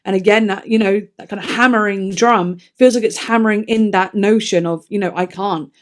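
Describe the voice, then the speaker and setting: A woman's voice: mid-range voice, steady tone, fairly quick. Chatty woman reviewing songs. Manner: chatty, enthusiastic, self-deprecating, trails into soft asides. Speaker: music reviewer. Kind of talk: casual song review vlog.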